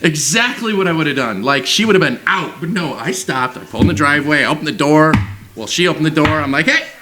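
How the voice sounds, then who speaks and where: Animated, swearing man telling stories. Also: fairly high pitch, fast. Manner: animated, swearing, laughing storyteller. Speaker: podcast host. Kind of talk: casual storytelling chat. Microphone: set up for two cameras.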